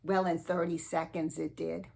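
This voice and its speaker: A woman hosting a spiritual advice show, giving a slow, earnest and sweetly eccentric comic monologue. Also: low voice, flat delivery, vocal fry, darkish tone.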